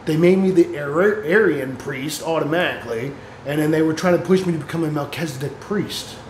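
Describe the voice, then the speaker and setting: A man's voice: a little high, fairly quick, reverberant, slight background noise, low-quality recording. A man talking in a casual, rambling spiritual monologue, swearing freely and laughing often as he talks. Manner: rambling, profane, laughs often, reads passages aloud. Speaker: spiritual vlogger.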